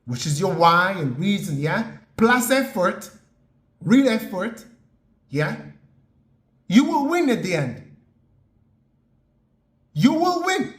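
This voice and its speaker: A man giving an earnest motivational talk, slow and emphatic, often checking in with "yeah?" and "okay?". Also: high-pitched, big pitch swings, fairly bright tone, reverberant. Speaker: motivational podcast host.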